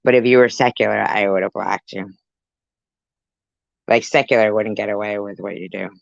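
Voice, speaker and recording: A woman's voice: extremely low pitch, fairly even intonation, normal speed, gravelly, no echo. A woman hosting a casual livestream, reading chat comments aloud, laughing often and teasing viewers with crude, disgusted reactions. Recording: dull lo-fi sound.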